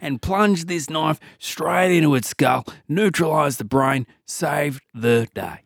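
A man's voice: on the high side, slow, creaky, dry recording, studio quality. A man playing a laid-back, boastful bushman hero in a comedy bit, drawling and slangy.

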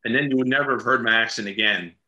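Bright-voiced man in an echoey room. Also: medium pitch, fast talker, highs cut off. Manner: chatty, laughs while telling stories. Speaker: actor guest. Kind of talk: casual interview chat.

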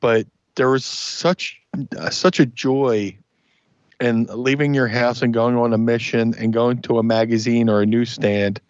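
A man's voice: medium pitch, unhurried, no room sound, muffled recording. A man appearing as a podcast guest, chatting casually and a little hesitantly. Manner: relaxed, slightly hesitant. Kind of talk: casual chat.

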